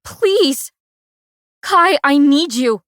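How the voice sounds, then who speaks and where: A desperate young warrior woman cries out in high, piercing pleas, as a woman narrator acts her out. Her voice climbs far above the narration and hits hard. It is recorded close and dry, like a studio audiobook. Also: lively intonation, drawn-out words, fairly bright tone, no room sound, full character voice. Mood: anguished. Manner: shrill anguished cries.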